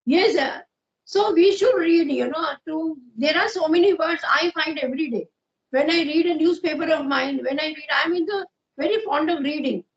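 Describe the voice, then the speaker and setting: High-pitched Indian woman, agreeable talker. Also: moderate pace. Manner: agreeable, lots of "yes" and "you know". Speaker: guest speaker. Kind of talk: casual conversation practice. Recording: muffled lo-fi audio.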